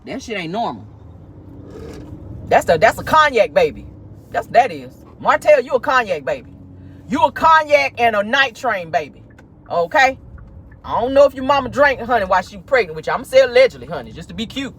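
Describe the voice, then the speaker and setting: A woman streaming celebrity gossip from her car, sassy and animated, calling her viewers honey and child. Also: a little high, a little fast, slightly rough. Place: inside a car.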